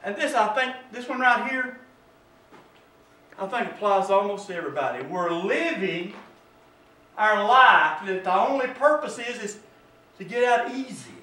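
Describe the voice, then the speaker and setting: A male pastor preaching a sermon in a church, swinging from hushed words to shouting. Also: sits high, lively intonation, measured pace, long pauses. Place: church sanctuary. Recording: echoey church from far off, music behind.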